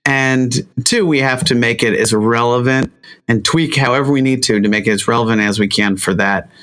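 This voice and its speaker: A man's voice: medium pitch, normal speed, fairly bright tone. A man who works as a media trainer, a guest on an interview, telling stories to make his points in a coaching way. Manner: coaching, storytelling with emphasis. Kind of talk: conversational interview.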